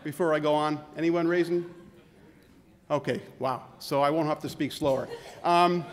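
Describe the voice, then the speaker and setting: A man's voice: on the high side, steady tone, moderate pace. A man giving a comedic keynote talk as a physician, with a sarcastic, punchy delivery, laughter from the audience now and then. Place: conference hall. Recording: long hall reverb.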